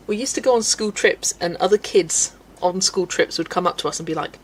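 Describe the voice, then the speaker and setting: A woman's voice: mid-range voice, lively intonation, normal speed, slight background noise. A young English woman hosting a colouring livestream, chatting casually and telling stories with frequent giggles. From England. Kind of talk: casual chat while colouring, reading chat.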